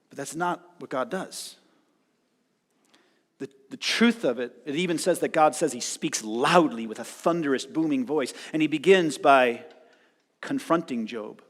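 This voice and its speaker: A male pastor preaching a sermon, retelling a story dramatically and acting out the voices with loud outbursts. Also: mid-range voice, fairly quick. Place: church hall. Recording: long hall reverb.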